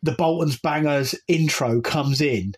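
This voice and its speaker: A man's voice: fairly high pitch, a little slow, breathy edge. A man co-hosting a podcast, chatting eagerly and calling his friend mate. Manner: enthusiastic, says "mate" often. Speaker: podcast co-host. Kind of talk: casual chat.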